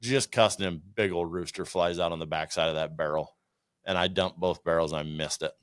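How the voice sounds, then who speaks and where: A man's voice: sits low, fairly quick, clean tone, dry recording, clean studio sound. A man, a podcast guest, telling bird-hunting stories in casual chat, swearing freely and acting out what people and dogs said. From Iowa. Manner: animated storyteller, swears freely, acts out quotes.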